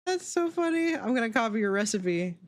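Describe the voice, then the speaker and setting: A woman's voice: on the high side, sing-song, a little fast. A young adult woman streamer chatting casually, giggling a lot and swearing as she reacts to chat.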